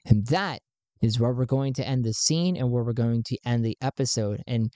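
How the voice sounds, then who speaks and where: A man's voice: medium pitch, moderate pace, dark tone, dry recording. A man narrating and playing his own solo tabletop role-playing game. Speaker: solo game master and player.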